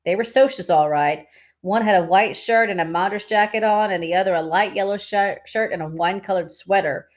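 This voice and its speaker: A woman reading a novel aloud in steady, plain narration. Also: mid-range voice, fairly quick. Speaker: reader.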